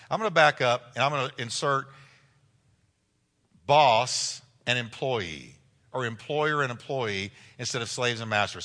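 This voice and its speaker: A man's voice: medium pitch, sharp tone. A middle-aged man preaching a sermon as a pastor, emphatic and repeating key phrases. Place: church sanctuary. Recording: long reverb of a large hall.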